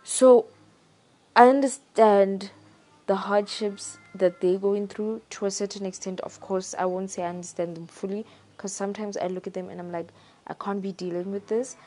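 A young woman talking in a casual, reflective monologue, thoughtful and pausing to search for her words. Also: medium pitch, steady tone, warm tone, soft background music.

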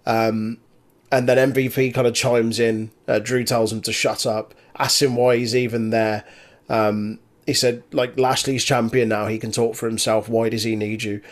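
A man chatting casually as a podcast co-host, animated, laughing often and swearing. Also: mid-range voice, normal speed. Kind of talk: casual chat recapping a wrestling show.

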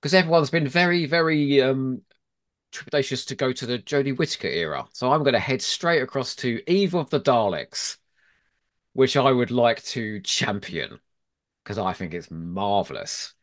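A man's voice: mid-range voice, lively intonation, normal speed. A man in a casual podcast chat, arguing his picks with opinionated enthusiasm. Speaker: podcast guest.

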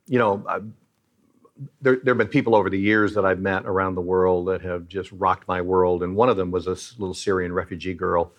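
A middle-aged man with a deep, creaky voice heads a Christian aid charity. In an interview he speaks earnestly, almost preaching, as he shares moving stories.

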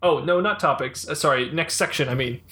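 Bright, lively playful male podcast host. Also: on the high side, a little fast. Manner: playful, joking, teasing. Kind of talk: casual podcast chat.

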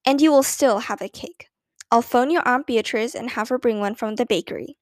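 A woman voicing a patient but weary mother who speaks calmly to her daughters. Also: fairly high pitch, brisk, dry recording, clean studio sound, lightly acted. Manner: calm, patient.

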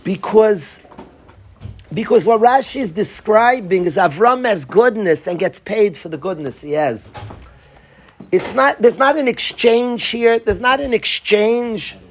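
A man's voice: high-pitched, animated, measured pace, a little hiss or hum. A man teaching a Torah class to students, pleading and passionate, joking with them at times.

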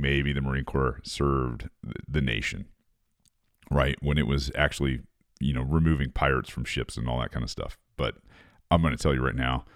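A man's voice: very deep voice, no room sound, clean studio sound. A man, a former Marine, reading an article aloud and ranting over it in a profane, sarcastic casual monologue.

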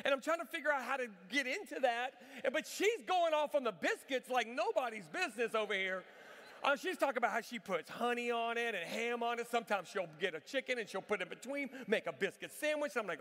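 A man with a notably high voice delivers a sermon as a lively, self-mocking storyteller. He admits he can be loud, and his words ring out with the long reverb of a big church hall. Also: quick pace. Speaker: traveling church speaker.

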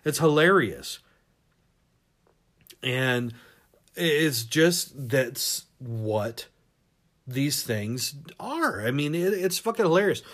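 A man hosting a podcast, ranting in a profane, animated monologue and laughing at his own jokes. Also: medium pitch, very slow, long pauses. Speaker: podcast host.

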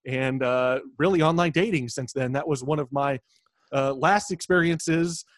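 A man co-hosting a podcast, calmly recounting a bad date with frequent pauses and fillers. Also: mid-range voice, no room sound. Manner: relaxed, halting delivery with fillers. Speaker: podcast co-host. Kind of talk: casual storytelling chat.

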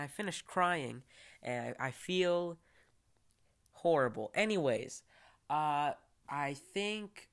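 Young male podcast host, bright tone, goofy self-deprecating rambler. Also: mid-range voice. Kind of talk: rambling solo podcast chat.

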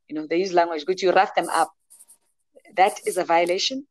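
A woman's voice: lowish voice, fairly even intonation, brisk, dry recording. A woman talking passionately and emphatically in a casual discussion, speaking as an advocate for emotional health. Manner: passionate and emphatic, mixes in local words.

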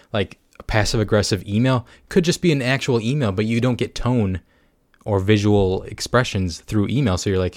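A man's voice: on the low side, brisk, a little mellow, no room sound, clean studio sound. A young man hosting a casual solo podcast, rambling and joking at his own expense, with lots of "like". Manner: rambling, self-mocking, lots of "like". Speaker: podcast host.

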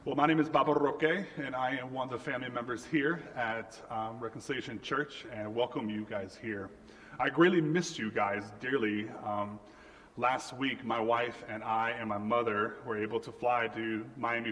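Casting note: young male pastor, mid pitch, storytelling sermon, echoing sanctuary. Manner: storytelling, animated quoting of family. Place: church sanctuary. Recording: reverberant church hall.

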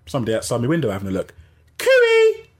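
A man hosting a casual gaming livestream, rambling and animated, often interrupting himself. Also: medium pitch, fairly quick, slightly rough. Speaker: gaming channel host.

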